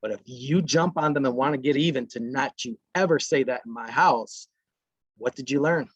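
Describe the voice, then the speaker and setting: A man with a husky, mid-pitched voice presents a parenting workshop in a dry, close recording. He talks to parents in a conversational way. Now and then he acts out brief lines a parent or child might say. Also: moderate pace, no echo, highs cut off.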